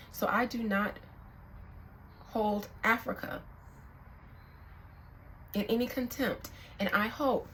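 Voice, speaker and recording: A young woman speaking as a psychic reader in a casual, candid vlog monologue, reflective and quick to swear. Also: mid-range voice, fairly bright tone, a little hiss or hum, poor audio.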